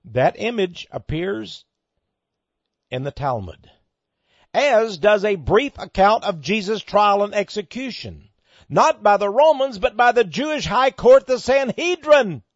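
A man giving an emphatic monologue, reading an article aloud and commenting on it, with sudden loud stresses. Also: high-pitched, expressive, a little slow, no echo, muffled recording.

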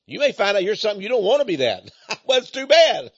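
A man's voice: sits high, sing-song, fast talker, breathy edge, muffled recording. A man from Texas with an East Texan accent, giving a folksy, emphatic preaching monologue.

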